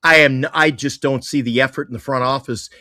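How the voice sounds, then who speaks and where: A sports talk host on a live stream, ranting excitedly about their team and often breaking into laughter. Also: medium pitch, fairly quick, dry recording, studio quality.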